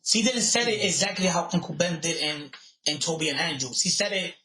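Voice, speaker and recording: Excitable high-voiced man in an echoey room. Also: fairly quick. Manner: animated, excitable storytelling with repeated restarts. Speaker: podcast co-host. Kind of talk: casual chat. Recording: roomy echo.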